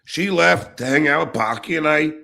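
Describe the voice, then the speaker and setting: A middle-aged man hosting his own podcast, ranting angrily and profanely, jumping between shouts and low mutters. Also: normal speed, creaky. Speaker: podcast host. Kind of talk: angry ranting monologue.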